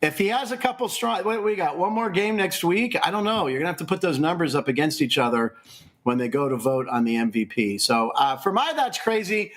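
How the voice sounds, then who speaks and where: A man's voice: a little high, expressive, fairly quick, fairly bright tone. An upbeat man hosting a casual sports comedy chat. He laughs easily and talks in a slightly raised register. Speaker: show host.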